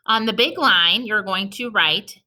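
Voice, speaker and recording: A woman teaching an early-reading lesson to young children in a recorded video, sounding out each letter slowly and patiently and praising them. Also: mid-range voice, sharp tone.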